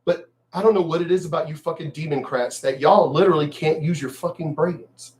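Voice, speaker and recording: Male vlogger, high voice, angry swearing rant, mocking and emphatic. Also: fairly quick, darkish tone. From El Paso, Texas. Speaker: vlogger ranting on news. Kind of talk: profane political rant.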